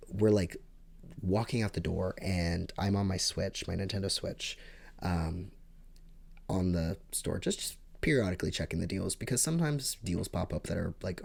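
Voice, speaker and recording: Young man, casual storytime vlog, low voice, gravelly fry, rambling and excitable. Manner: rambling and excitable, with sudden jumps up in pitch and loudness. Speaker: vlogger.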